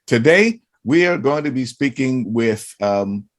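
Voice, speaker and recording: A man's voice: medium pitch, animated, measured pace. A man hosting an interview show, asking long, rambling questions full of restarts and fillers. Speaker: host.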